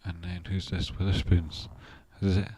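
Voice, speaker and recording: A man's voice: deep voice, little pitch movement, normal speed, warm tone, no room sound. A man hosting a casual live stream, rambling and thinking aloud about stock charts, with the odd swear word. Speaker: trader and channel host.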